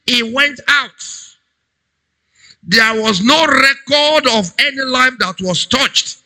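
A man preaching a sermon as a pastor, emphatic, swinging between loud cries and low urgent tones. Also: takes it slowly, rough recording.

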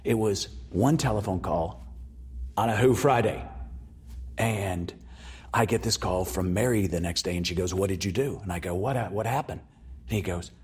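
A man's voice: low voice, moderate pace, breathy edge. A man telling a story as an interview guest, acting out the voices of the people in it.

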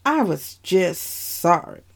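A woman's voice: lowish voice, big pitch swings, slow pace, vocal fry. A woman narrating a dramatic story in the first person, with heartfelt emotion.

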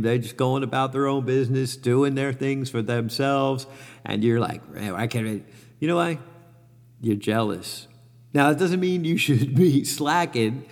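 A man's voice: mid-range voice, big-room sound. A middle-aged man talking candidly about his life and mindset, rambling with many fillers and self-corrections. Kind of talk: reflective personal monologue.

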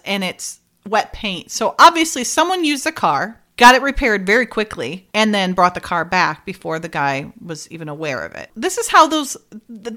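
A woman hosting a casual podcast chat, retelling a show's plot with acted-out dialogue and frequent laughter. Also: on the high side. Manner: animated retelling, acts out dialogue, laughs often. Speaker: podcast host recapping a TV episode.

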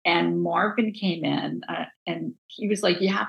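Gravelly New Jersey woman telling stories. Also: lowish voice, measured pace, lo-fi sound. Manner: animated, acts out quoted voices, many restarts. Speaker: book designer, guest. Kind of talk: casual interview storytelling.

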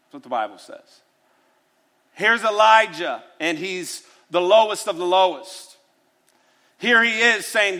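Male pastor, high voice, bright and forceful, animated sermon delivery. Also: unhurried, long pauses. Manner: animated, dramatizes prayers with rising voice.

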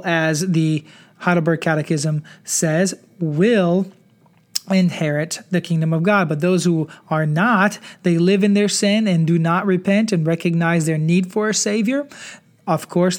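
A preacher gives a measured devotional Bible teaching, pausing to read scripture passages aloud. The delivery is steady and explanatory, with the pitch sitting in a middle register. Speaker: preacher and podcast host.

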